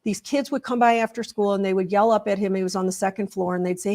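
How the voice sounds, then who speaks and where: A woman's voice: medium pitch, steady tone, brisk, darkish tone. Earnest woman explaining with stories. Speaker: guest. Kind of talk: explaining in a podcast interview.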